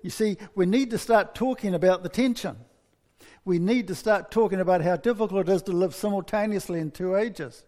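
A man's voice: high-pitched, fairly quick, mellow, long reverb tail. A man in his sixties preaching a sermon in a conversational, wry, storytelling way.

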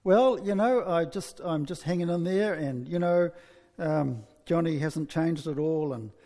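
A woman's voice: low voice, measured pace, mellow, in a large hall. A man voicing a worried middle-aged churchgoing mother who talks in an anxious, confiding way. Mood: weary.

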